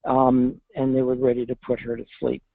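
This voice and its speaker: A man who is a veterinarian tells a patient's story in an interview, earnest and halting with restarts, choked up with emotion, talking from a public space. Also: mid-range voice, monotone, vocal fry, no echo. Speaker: veterinarian guest. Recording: dry tinny phone-like line.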